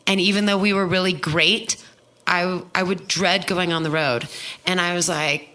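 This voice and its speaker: A woman with a bright, ringing tone hosts a casual podcast chat. She talks in a lively, animated way and often breaks into laughter. Her voice sits a little low for a woman. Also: moderate pace. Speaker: podcast host and touring musician.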